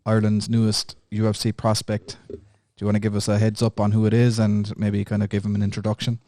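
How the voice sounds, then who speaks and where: A man's voice: on the low side, completely flat delivery, fast talker, mellow. A man hosting a podcast, welcoming listeners and nudging his co-host along in casual chat. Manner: brief agreeing interjections.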